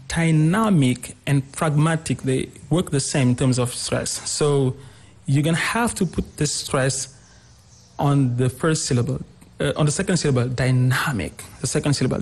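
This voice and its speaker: Husky-voiced man teaching pronunciation. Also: fairly high pitch, darkish tone. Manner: explains patiently, repeats example words several times. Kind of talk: explaining word stress in a lesson.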